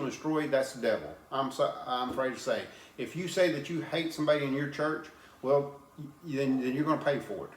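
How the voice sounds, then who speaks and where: A man's voice: medium pitch, reverberant, slight background noise. A man preaching an informal sermon, plain-spoken and earnest, often repeating and restarting his words as he reads scripture.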